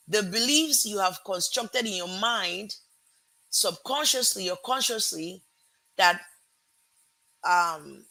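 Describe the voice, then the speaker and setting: A woman with a mixed American and Nigerian accent hosting a motivational live stream, energetic and chatty, greeting viewers and pausing to fix her words. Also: medium pitch. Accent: American-Nigerian mix. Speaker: host.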